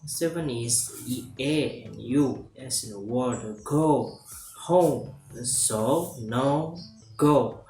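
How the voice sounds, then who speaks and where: Student reading class notes, halting, hesitant, very slow, echoey room, music behind. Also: mid-range voice, a little mellow. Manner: halting, hesitant reading with fillers and self-corrections. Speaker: student presenting an assignment. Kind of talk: reading lecture notes aloud. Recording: roomy echo with music underneath.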